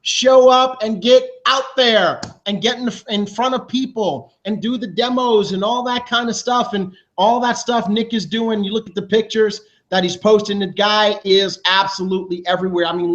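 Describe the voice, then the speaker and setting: Hyped and energetic, the host of a team video show rattles off award announcements, talking quickly with loose restarts. The audio is dull and lo-fi.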